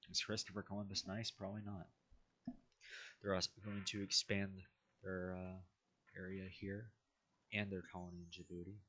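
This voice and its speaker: A man's voice: low-pitched, pushed and bright. A man casually narrating an alternate history map timeline, rambling with wry asides and self-corrections.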